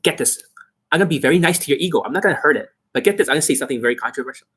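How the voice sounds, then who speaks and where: A man's voice: fairly high pitch, lively intonation, very fast, a bit bright, husky. A man mocking a sugary upbeat pickup coach. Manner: mocking, exaggerated cheerfulness. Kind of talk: mocking impression.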